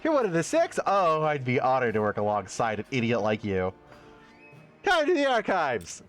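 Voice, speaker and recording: A man's voice: mid-range voice, wildly swooping pitch, moderate pace, soft background music. A man voicing a friendly male goat archivist who speaks in an upbeat, welcoming way.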